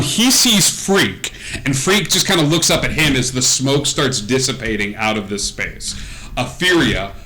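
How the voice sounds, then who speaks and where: Game master guy, bright sharp voice, rambly with lots of uhs and likes, faint hiss behind. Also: medium pitch, rough recording. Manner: rambling, filler-heavy, animated storytelling. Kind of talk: narrating a tabletop game.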